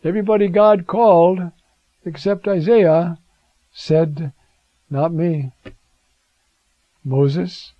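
A man's voice: takes it slowly, long pauses, dry recording, dull audio. An older man preaching a sermon on the prophets, acting out their words with dramatic swings of voice. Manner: dramatic, acts out biblical quotes with rising pitch.

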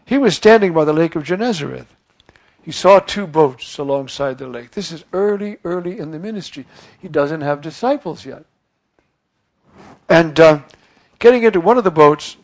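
An older priest gives a chatty, informal homily in a slightly higher voice. He acts out the voices of figures he quotes and keeps turning to his listeners with little questions. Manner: conversational, acts out quoted voices, asks listeners "you see?".

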